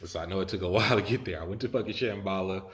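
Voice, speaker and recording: A man's voice: low voice, very fast, roomy sound, noisy background. A man telling a story in casual, profane talk, rambling and laughing as he goes.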